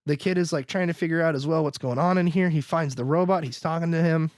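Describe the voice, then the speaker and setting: A man's voice: on the high side, quick pace, darkish tone, dry recording, clean studio sound. A man hosting a podcast, recapping a film in rambling casual chat packed with "like" and acted-out quotes. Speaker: podcast host.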